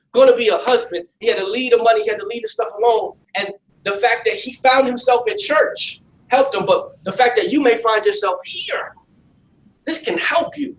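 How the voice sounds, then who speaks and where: High-pitched pastor guy preaching streetwise to a crowd, echoey room, mic kinda far off, bit of hiss. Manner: streetwise, animated, talks with the audience. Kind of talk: preaching to young people in a facility.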